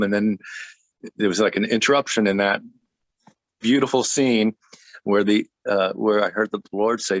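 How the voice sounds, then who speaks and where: A man who is a pastor, telling a personal testimony in conversation, joking and laughing often, with halting starts and restarts. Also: lowish voice, dry recording.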